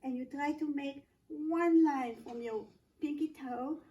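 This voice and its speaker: Woman calmly walking kids through poses. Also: high voice, measured pace. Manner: patient, matter-of-fact explanations. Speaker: yoga co-teacher. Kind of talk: demonstrating poses step by step. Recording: echoey room, mic at a distance.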